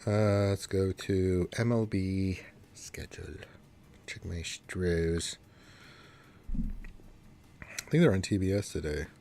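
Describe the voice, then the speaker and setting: A man's voice: sits low, steady tone, slow, long pauses, warm tone, slight background noise. A congested man with allergies, hosting a casual gaming livestream and rambling with cursing asides. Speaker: livestream host.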